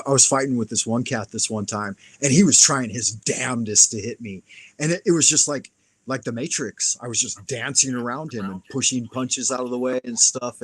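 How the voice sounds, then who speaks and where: A man telling a rambling, profane story on his live stream, with a plain mid-range pitch. He talks loosely and lively, and from time to time he acts out what people said. The sound is dry and close, with almost no room in it. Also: dry recording. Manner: profane, animated anecdote-telling with acted-out quotes. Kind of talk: casual storytelling.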